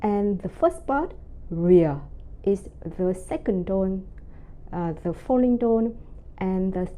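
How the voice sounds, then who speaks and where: A woman teaching a pronunciation lesson, speaking slowly and carefully and drawing out her example syllables. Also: mid-range voice, warm tone. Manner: slow, careful enunciation with drawn-out example syllables. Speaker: language teacher. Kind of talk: slow, deliberate pronunciation lesson.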